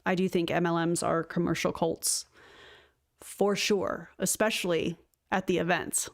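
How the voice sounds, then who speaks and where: A woman's voice: fairly low pitch, little pitch movement. A woman streamer giving sarcastic live commentary on a recruitment call. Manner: sarcastic, quick asides.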